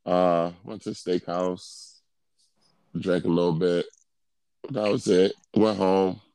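Pria bersuara berat dan serak. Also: male voice, sits low, steady tone, slow, dark tone, no room sound. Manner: laid-back, rambling with fillers. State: congested, under the weather. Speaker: podcast co-host. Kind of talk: casual chat.

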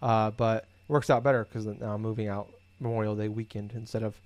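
A man's voice: lowish voice, fairly quick, dry recording. A man in casual conversation, telling rambling everyday stories with lots of swearing and filler words. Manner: rambling, profane, animated storytelling. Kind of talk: casual chat.

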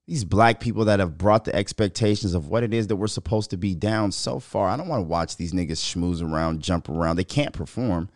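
A man hosting a podcast, ranting in a profane, animated, mocking way and laughing between remarks. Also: low voice, fairly quick, hardly any pauses, no echo, studio quality. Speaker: podcast host. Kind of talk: casual commentary rant.

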